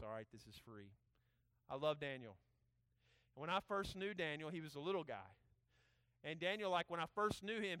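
A male pastor preaching a sermon, swinging between loud emphatic urging and quiet asides. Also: fairly high pitch, no room sound.

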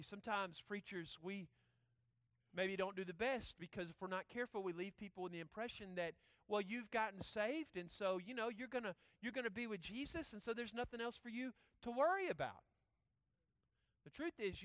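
A male pastor preaching a sermon, swinging between loud emphatic urging and quiet asides. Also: sits high, no echo.

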